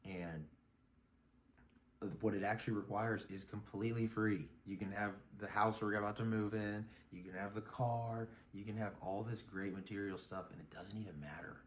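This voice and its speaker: A man's voice: on the low side, steady tone, normal speed, slight background noise. A man talking casually in a vlog, rambling and reflective, with lots of fillers and restarts. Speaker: vlogger. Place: outdoors on a morning run.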